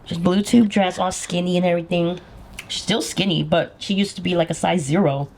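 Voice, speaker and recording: A woman's voice: fairly low pitch, steady tone, fairly quick, darkish tone, a little hiss or hum. Teasing woman hosting a chat. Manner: teasing, prompting questions, frequent laughter. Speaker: podcast host. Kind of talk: casual chat.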